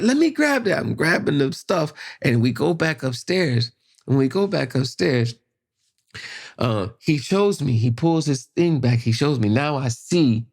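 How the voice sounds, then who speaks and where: A man telling a personal story in casual conversation, animated, acting out voices and sound effects. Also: medium pitch. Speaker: podcast guest.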